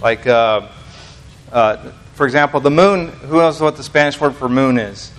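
A man's voice: mid-range voice, moderate pace, a bit bright. Rambling American man giving a church talk. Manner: rambling, self-deprecating, many fillers and restarts. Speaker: lay preacher. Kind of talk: informal sermon.

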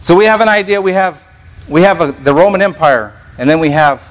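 Male preacher, somewhat high voice; conversational sermon, reads scripture and unpacks it casually. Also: fairly quick, low-quality recording. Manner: reads scripture aloud, frequent restarts, conversational asides. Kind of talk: sermon teaching.

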